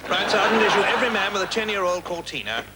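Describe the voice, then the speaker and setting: A man acting a brisk, bossy teacher and sergeant in a comedy sketch. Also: high-pitched, very animated, very noisy.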